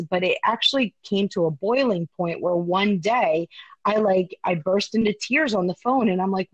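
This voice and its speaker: A woman's voice: mid-range voice, normal speed, no room sound, muffled recording. A young woman chatting openly in a podcast-style conversation, her voice close and dry with little room sound. She talks candidly, drops casual swears and leans on fillers as she goes. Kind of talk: casual chat.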